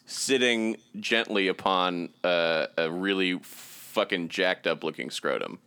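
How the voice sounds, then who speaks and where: A man co-hosting a casual comedy podcast. His voice is low and smooth, and his delivery is dry and relaxed, with hesitant pauses. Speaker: podcast co-host.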